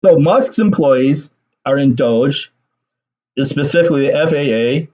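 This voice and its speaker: A man's voice: a little high, lively intonation, measured pace, darkish tone, lo-fi sound. A man giving a ranting solo political commentary, sarcastic and agitated, swearing and laughing bitterly.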